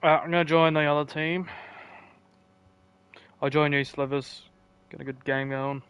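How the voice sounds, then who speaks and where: A man's voice: on the high side, flat delivery, moderate pace, fairly bright tone, clean tone. A man with an Australian accent chatting casually on a live game stream, trading joking, defensive banter with his viewers. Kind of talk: casual live-stream chat while gaming.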